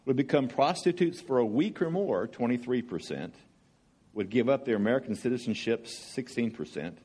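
Animated Southern preacher man. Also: mid-range voice, normal speed, breathy edge. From Georgia, US. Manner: chatty, animated, joking storyteller. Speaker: guest preacher. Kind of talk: sermon with jokes.

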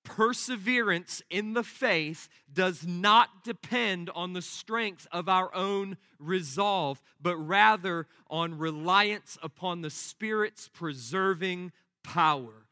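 A man's voice: high-pitched, slow pace, pushed and bright, no room sound, studio quality. A man preaching a sermon, emphatic and exhorting, with repeated driving phrases. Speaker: pastor.

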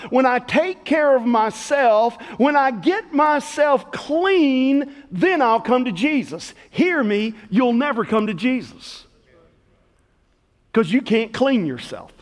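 A middle-aged man preaching as pastor to a congregation in a church, swinging between loud calls and hushed words. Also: extremely high pitch, animated, takes it slowly. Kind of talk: sermon. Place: church sanctuary. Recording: long hall reverb.

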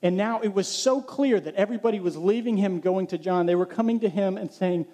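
A male pastor delivering a sermon, reading scripture and asking his congregation questions. His voice sits high for a man and has a mellow, soft-edged tone. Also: brisk, hardly any pauses. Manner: preaching, asks the congregation questions.

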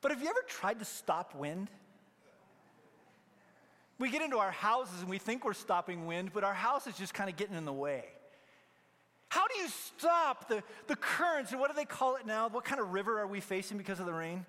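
A male pastor preaching a sermon, swinging between loud emphatic peaks and hushed, near-whispered lines. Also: high-pitched, big pitch swings, moderate pace, big-room sound.

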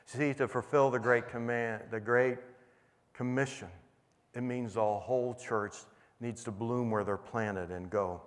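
A man's voice: medium pitch, steady tone, unhurried. A middle-aged man preaching, earnestly retelling a conversation with a young inmate as a testimony. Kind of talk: sermon storytelling. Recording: long hall reverb.

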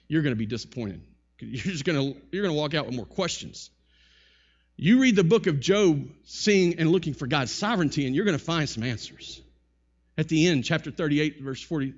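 A man's voice: on the high side, lo-fi sound. A male pastor preaching a sermon emphatically, asking many rhetorical questions and often repeating words.

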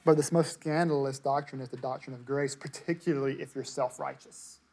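A man's voice: mid-range voice, fairly even intonation, a little fast, creaky, a little mellow, slightly rough. A man preaching a sermon to a congregation, conversational and emphatic, repeating words to stress his points. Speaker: pastor.

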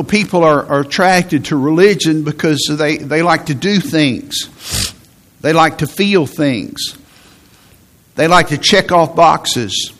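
A man's voice: on the high side, a bit bright. Man preaching with emphatic repetition. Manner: emphatic preaching with repeated phrases and restarts. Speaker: pastor. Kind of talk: sermon.

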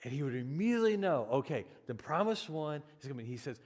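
A pastor gives a sermon to his congregation in a lively, conversational way, his mid-range voice rising and falling often. He talks fast with hardly any pauses and restarts phrases, while long reverb rings through the large church hall.

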